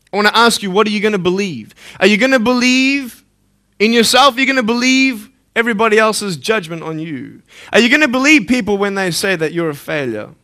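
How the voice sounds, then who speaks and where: A man's voice: high-pitched, bright, forceful tone. A young man giving a live motivational talk to an audience, joking playfully and then turning earnest and searching. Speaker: motivational speaker.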